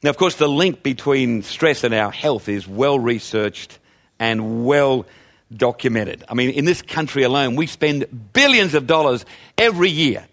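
A man's voice: mid-range voice, lively intonation, measured pace, a bit bright. A man preaching a sermon in a conversational way, using rhetorical questions. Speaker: pastor.

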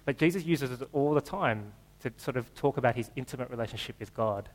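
A man's voice: mid-range voice, a little fast, low-quality recording. A man preaching a sermon in a church, in a casual, joking, conversational way. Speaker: pastor.

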